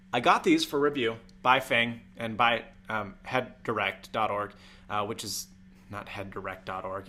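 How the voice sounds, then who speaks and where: A tech live-stream host from Utah chats casually, deliberately jumping up in pitch, and his voice sounds pushed and bright. He sits several feet from a USB mic in a room with a fan running.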